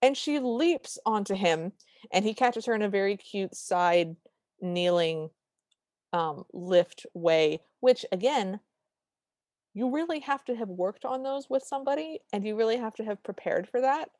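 A woman's voice: mid-range voice, expressive, a little mellow, no room sound, studio quality. A woman co-hosting a podcast, recapping a movie in casual chat and sarcastically acting out its lines. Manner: sarcastic, acts out dialogue in quick bits. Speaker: podcast co-host.

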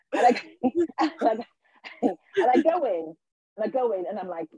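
A husky woman tells a personal story as a podcast guest. She acts out what people said and trips into restarts along the way. The sound is dry and a little dull. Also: fairly high pitch, moderate pace, dry recording. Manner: animated, acts out quotes, frequent restarts. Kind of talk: casual storytelling in an interview.

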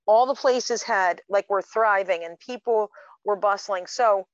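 A woman's voice: medium pitch, measured pace, dry recording. A woman in her fifties chats casually on a podcast, telling her stories with lots of ums. Her voice sits in an ordinary middle range. The recording is muffled and very dry, with no room sound. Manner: chatty storyteller, many fillers. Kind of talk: casual chat.

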